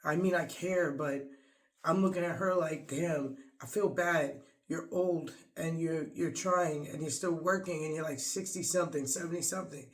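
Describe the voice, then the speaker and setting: A man with a fairly high voice talks straight to his audience in an unscripted vlog monologue. His speech is earnest and heartfelt, full of casual slang and restarts as he circles back over his thoughts. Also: normal speed. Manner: rambling, earnest, restarts often; heartfelt and apologetic. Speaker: vlogger. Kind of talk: emotional off-the-cuff monologue.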